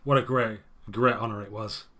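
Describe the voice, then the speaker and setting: A man's voice: fairly low pitch, fairly even intonation, moderate pace, fairly bright tone, natural voice. A man voicing a grumbling older former alderman who rants nostalgically about the old days. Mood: nostalgic. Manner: ranting, complaining, nostalgic.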